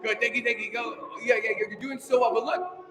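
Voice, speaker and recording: In an extremely high, steady voice at a slightly fast clip, a choir director runs rehearsal in a big room. Upbeat and teasing, he coaches his singers and counts them in, his words echoing with long reverb around the hall.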